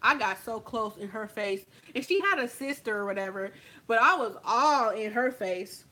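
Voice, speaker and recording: A woman makeup vlogger telling a story in sassy, animated casual chat, talking straight to the viewer. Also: on the high side, normal speed.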